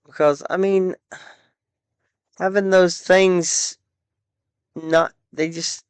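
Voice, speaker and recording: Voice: medium pitch, fairly even intonation, extremely slow, clean tone, no echo. A gaming streamer giving casual commentary while playing, frustrated, swearing and muttering at the game.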